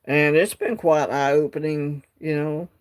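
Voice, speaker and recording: A man's voice: fairly high pitch, fairly even intonation, measured pace, smooth. A man hosting a casual livestream from his phone, rambling and reading out the chat. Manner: rambling, drawling, reads chat aloud. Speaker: livestream host.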